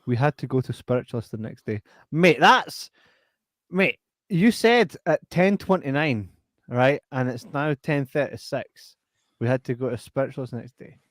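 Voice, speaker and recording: Man, podcast host, joking and swearing, mid-pitched voice, dry close sound. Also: animated, normal speed, dry recording. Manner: jokey, swears freely, reads out listener messages. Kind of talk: casual chat.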